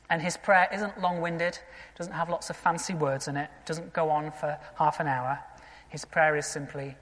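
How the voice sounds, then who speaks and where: Pastor delivering a sermon: earnest and conversational, mid-pitched, tosses rhetorical questions at the congregation, long church reverb. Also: steady tone, moderate pace, fairly bright tone.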